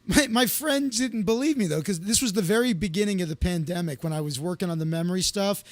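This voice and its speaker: A man's voice: high-pitched, quick pace, no echo. A man hosting a comedy live stream, telling rambling stories to his viewers in a casual way, with lots of fillers and restarts. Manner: loose, anecdotal, with many fillers and restarts.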